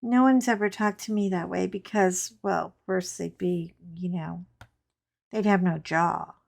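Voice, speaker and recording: A woman hosting a crafting channel, chatting casually and telling animated anecdotes with frank asides while she works. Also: lowish voice, unhurried, creaky.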